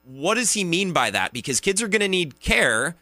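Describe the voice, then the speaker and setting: A man on talk radio, asking questions in an animated, casual way. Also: high voice, moderate pace, dry recording. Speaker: radio guest and host.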